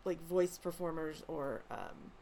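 Lively, playful woman with faint hiss. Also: sits low, measured pace, creaky. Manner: playful, teasing. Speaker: writer and voice performer. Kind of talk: casual podcast chat.

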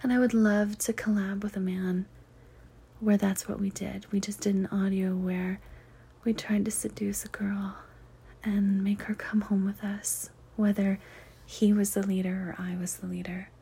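A woman from the Southern United States whispers her answers to listener questions in a breathy, airy voice. Her tone is mellow and soft, never sharp. She talks candidly and casually, with loose ums and soft laughs. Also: medium pitch, flat delivery, a little slow. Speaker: erotic audio creator.

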